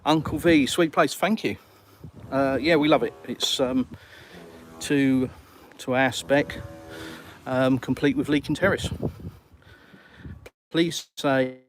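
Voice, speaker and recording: A middle-aged Englishman from England, with an English accent and a medium-pitched voice, talks slowly with long pauses. He's a livestream host chatting casually from his house and answering viewers' comments. The recording is clear, with background noise and clicks.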